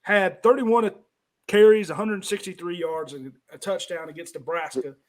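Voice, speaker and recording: A man's voice: high voice, fairly even intonation, moderate pace. A man hosting a casual sports chat, loose and rambling, stumbling over names. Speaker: podcast host.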